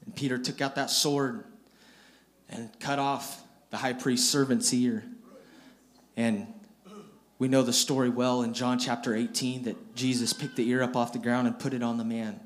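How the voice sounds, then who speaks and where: A man's voice: medium pitch, little pitch movement, moderate pace, slight background noise. A man preaching a storytelling sermon, retelling scripture in plain everyday speech and often repeating and restarting his phrases.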